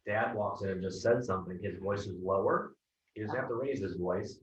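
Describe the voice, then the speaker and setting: A man's voice: on the low side, fairly quick, recorded from a distance, highs cut off, slight background noise. Direct male sales coach, roomy sound. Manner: direct, keeps asking "right?". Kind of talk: coaching feedback.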